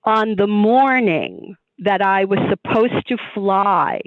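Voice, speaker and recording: A woman's voice: medium pitch, slow pace, no echo. Lady guest telling a story, acts out quotes, sounds like a tinny phone line, super dry. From New York. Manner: animated storyteller, quotes others. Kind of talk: storytelling interview.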